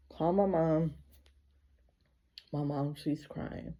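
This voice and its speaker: A woman's voice: sits low, steady tone, takes it slowly, pauses often, mellow. A woman telling a personal story in a casual vlog, speaking emotionally and filling her sentences with repeated 'like'. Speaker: vlogger.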